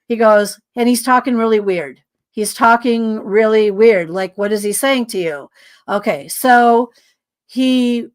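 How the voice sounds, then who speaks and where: A woman guest telling a story in casual conversation, acting out dialogue with lots of fillers and sounding tired. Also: medium pitch. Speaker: podcast guest.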